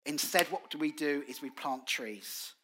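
A man preaching a lively sermon in church, telling stories with acted-out quotes and colloquial British phrasing. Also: fairly high pitch, measured pace, noisy background. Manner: animated storytelling with acted quotes. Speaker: guest preacher.

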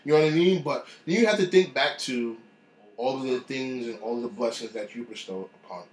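In an echoey room, a man casually tells a personal faith story with animation, acting out the voices of the people he quotes. His voice is mid-range and his delivery brisk.

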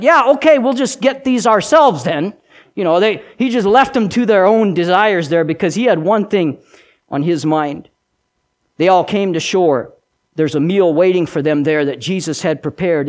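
A man preaching a sermon as pastor, animated and dramatic, acting out quoted voices. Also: fairly high pitch.

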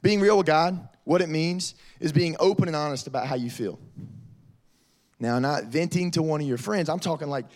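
A youth pastor preaches a sermon to middle schoolers, telling lively stories and calling the audience "y'all." His voice is on the high side, and he talks at a normal speed.

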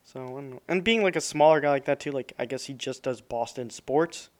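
A man's voice: mid-range voice, a little fast. A young man co-hosting a podcast, chatting casually and rambling with lots of hedges and fillers. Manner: rambling, hedging, with many fillers. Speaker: podcast co-host. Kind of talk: casual chat.

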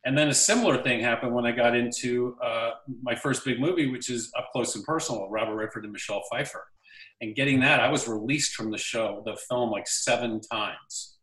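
Male actor guest, animated anecdote teller, roomy room sound, slightly off-mic. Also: medium pitch, fairly quick, far from the mic. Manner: animated storyteller acting out quoted lines. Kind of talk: casual anecdote storytelling.

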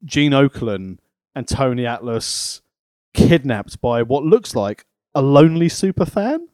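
A man's voice: mid-range voice, lively intonation, measured pace, a little mellow, no echo. A man co-hosting a podcast in casual comedic chat, dry and mocking. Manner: dry, mocking, quotes people in silly voices. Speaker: podcast co-host.

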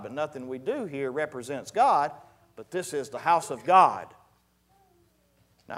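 A man preaching a sermon to his congregation, building from quiet reading to loud emphatic passages and repeating phrases three times. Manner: swells from low, quiet reading to loud, high-pitched preaching; folksy speech, addresses the congregation directly. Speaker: pastor.

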